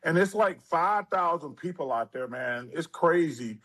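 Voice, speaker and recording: A man in his sixties, a former basketball player, telling animated stories in an interview and acting out what people said. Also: fairly high pitch, unhurried, poor audio. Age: 60s. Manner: animated storyteller who acts out quotes. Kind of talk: storytelling interview.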